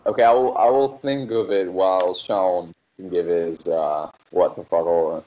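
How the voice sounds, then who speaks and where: A man's voice: sits low, steady tone, normal speed, warm tone, highs cut off. A man on a podcast who talks hesitantly and thoughtfully, with a lot of fillers. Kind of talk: casual chat.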